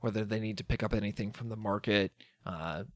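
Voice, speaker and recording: A man's voice: fairly low pitch, a little fast, no echo. Man as game master, casual, dry mic. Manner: relaxed, hesitant with many ums. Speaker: dungeon master. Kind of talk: narrating a tabletop game.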